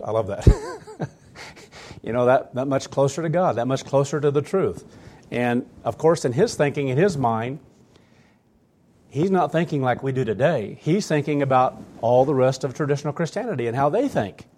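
A man's voice: medium pitch, animated, brisk, dark tone. A man preaching a sermon to his church, earnest and emphatic, often repeating phrases for weight. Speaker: pastor.

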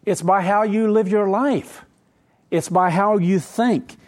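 A man's voice: high voice, steady tone, slow. A middle-aged man preaching a sermon in a conversational way, asking rhetorical questions and adding asides. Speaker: pastor.

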